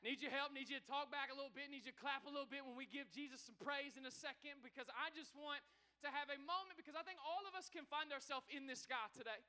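A man preaches a sermon, his voice very high and piercingly bright. He rattles along at a quick clip and keeps calling out to the congregation for answers. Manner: energetic, calls out to the congregation for responses. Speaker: pastor. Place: church sanctuary.

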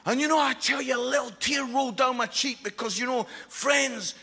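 A man's voice: extremely high pitch, steady tone, a little fast, gravelly, pushed and bright, husky, soft background music. A man preaching a sermon, passionate and emphatic, with jokes along the way. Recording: long echoing hall reverb.

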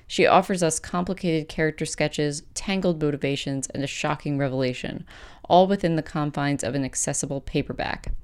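A woman podcast host reading her own essay aloud and then chatting about it, with a measured, gentle delivery. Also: low-pitched, clean tone.

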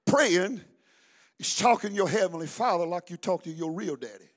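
A male pastor, preaching a fervent sermon that builds to shouts. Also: sits high, expressive, moderate pace.

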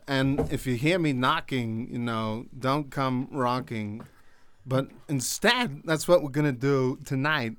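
A man doing a deadpan comedy song bit, talking in rambling, absurd turns. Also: medium pitch, clear, resonant tone, no room sound. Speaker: comedy musician host.

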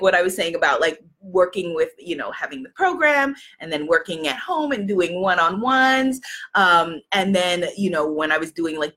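A woman's voice: mid-range voice, a bit bright. Woman, business coach, casual chatty delivery, rambling, filler words. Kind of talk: casual talk to an audience.

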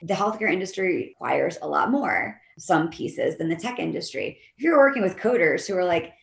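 A woman, a leadership coach and behavior analyst, explaining her method as an interview guest in an animated way. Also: on the low side, moderate pace, gravelly, echoey room. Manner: animated, acts out quoted voices of employees and leaders.

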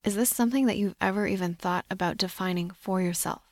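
A woman hosting a solo podcast, talking in a measured, reflective coaching tone. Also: mid-range voice, a little mellow, dry recording, clean studio sound. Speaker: podcast host.

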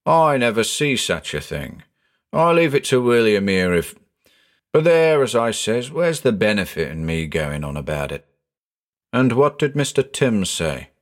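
A man's voice: lowish voice, very animated, measured pace. A man voicing a chatty working-class male tram conductor who rambles in thick dialect, in a storybook reading. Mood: aggrieved.

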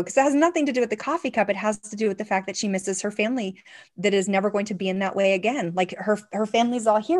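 Middle-aged lady coach gushing in an interview, gets squeaky when excited. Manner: enthusiastic, animated, jumps up in pitch when excited. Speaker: guest, organizing coach. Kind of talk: casual interview chat.

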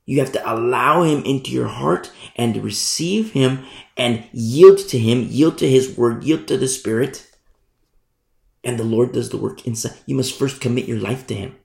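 A man's voice: medium pitch, creaky, a little mellow. A male pastor preaching a sermon, emphatic and repeating his key phrases. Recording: roomy echo.

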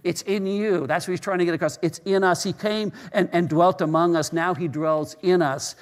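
A man's voice: sits high, fairly even intonation, normal speed. Pastor giving a sermon, a man. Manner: storytelling with many restarts and repeated words.

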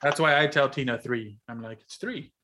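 A man's voice: medium pitch, fairly even intonation, brisk, over a noisy crowd. A man hosting a podcast in casual chat, telling stories with lots of laughter and swearing. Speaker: podcast host.

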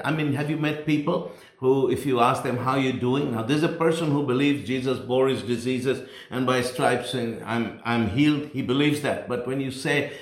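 A man preaching a sermon, emphatic and repeating key phrases, slowing down to stress points. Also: medium pitch. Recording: echoey room.

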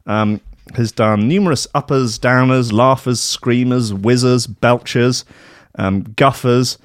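Man, show host, casual rambling chat, sweary, self-mocking, mid pitch, dry recording. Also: fairly even intonation, takes it slowly, dry recording.

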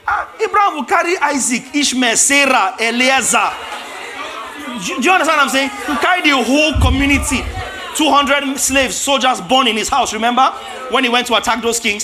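A man preaching a lively sermon, acting out biblical characters with shouts and laughs. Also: very high-pitched, brisk, soft background music, some chatter behind.

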